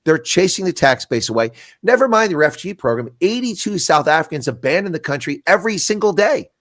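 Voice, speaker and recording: A man's voice: on the high side, sing-song, fairly bright tone, no echo, studio quality. A man, a retired colonel and intelligence analyst, making blunt, emphatic arguments in a frank political discussion over a video call. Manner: blunt, emphatic, rapid-fire arguing.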